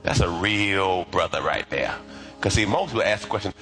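A middle-aged pastor preaching a lively, conversational sermon with call-and-response. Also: male voice, fairly low pitch, brisk, soft background music.

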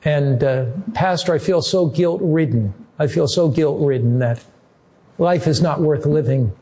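A despairing young woman caller speaks in a quiet, halting voice, weighed down by guilt. A male preacher voices her, barely changing his own voice. She sounds hopeless and low.

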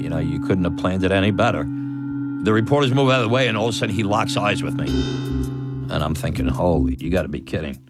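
A man with a very low voice tells a personal story with animated energy. He laughs often and acts out what others said. Clear music plays underneath. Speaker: storyteller guest. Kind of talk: personal story told in an interview.

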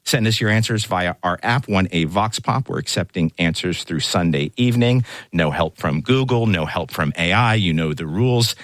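Male talk radio host, deep voice, quick jokey banter, dry studio sound. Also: expressive, a bit bright, no echo. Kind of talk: hosting a news roundup.

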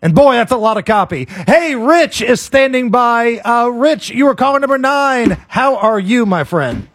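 A man's voice: extremely high pitch, no room sound. A male radio host, joking energetically through on-air banter. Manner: energetic, playful, quick to joke.

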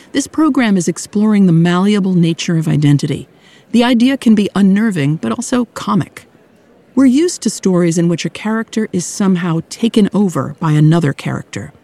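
A woman radio host giving scripted narration in a calm, reflective way. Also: mid-range voice.

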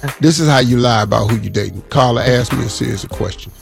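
A man's voice: mid-range voice, fast talker, creaky, faint music behind. A man co-hosting a radio show, teasing the others in studio banter. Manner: teasing, joking.

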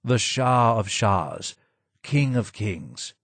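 Brief: hoarse, broken old former advisor, voiced by a male narrator; low, slow, heavy with sadness. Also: no echo. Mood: sorrowful.

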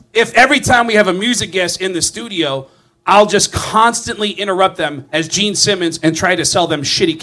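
A male comedian telling a story in an animated way, laughing through his words and swearing freely. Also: high voice.

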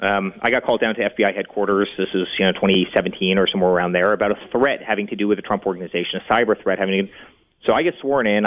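Man, 40s, rapid guest talker, restarts a lot, phone-line sound. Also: lowish voice. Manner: rapid, repeats words when starting sentences. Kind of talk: interview talk.

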